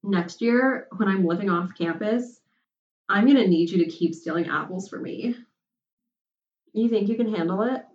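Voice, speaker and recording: A woman's voice: mid-range voice, normal speed, a little mellow, dull audio, lightly acted. A woman voicing a bold, confident young college woman who talks bluntly and teasingly. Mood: brash.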